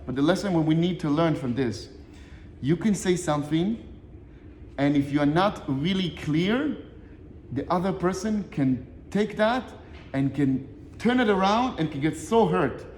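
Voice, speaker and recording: A man giving a short Torah lesson, telling a Talmud story with lively swings between Hebrew quotes and English explanation. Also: on the high side, measured pace, roomy sound, in a large hall, a little hiss or hum. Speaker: Torah teacher.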